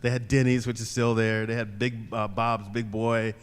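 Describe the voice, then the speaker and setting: A man's voice: fairly low pitch, level tone, moderate pace, smooth. An older man and former football player, guest at a live show, telling a long anecdote to an audience with frequent chuckles. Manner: storytelling, chuckles as he talks. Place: club room at a live show event. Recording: reverberant venue sound.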